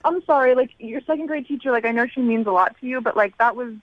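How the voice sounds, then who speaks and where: A woman's voice: fairly high pitch, quick pace, slight background noise. A young woman calling in to a radio show, chatting casually and giggling, with "like" in nearly every sentence. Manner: valley-girl filler, giggly, lots of "like". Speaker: caller. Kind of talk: casual phone call. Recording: muffled phone line.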